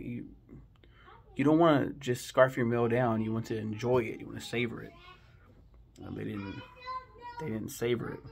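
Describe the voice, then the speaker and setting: A man with a medium-pitched voice, some vocal fry, and a faint hiss or hum hosts a casual movie review from home, with kids nearby. He rambles and swears freely, dropping lots of ums, and sounds like an eager, enthusiastic fan.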